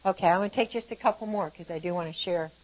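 An older woman teaching an informal Bible lesson, telling personal stories with lively laughter. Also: lowish voice, fast, poor audio. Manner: animated storytelling, laughs often. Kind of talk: informal sermon.

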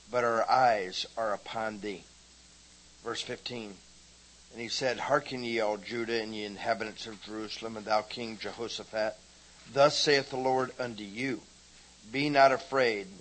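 Man, congregation reader, steady solemn scripture reading. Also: mid-range voice, poor audio.

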